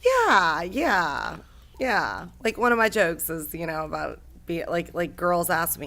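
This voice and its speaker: A woman comedian chatting as a podcast guest, telling animated stories and laughing often. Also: fairly low pitch, measured pace, long pauses. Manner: animated storyteller, laughs often, loud bursts. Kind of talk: casual podcast chat. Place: podcast studio.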